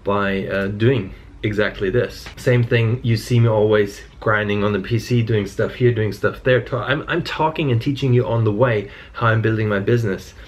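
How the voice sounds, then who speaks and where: A man's voice: on the low side, moderate pace, hardly any pauses. A man in his mid-thirties chatting loosely to camera in a fitness vlog, telling stories and swearing freely. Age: 30s. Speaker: fitness vlogger. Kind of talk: casual vlog chat.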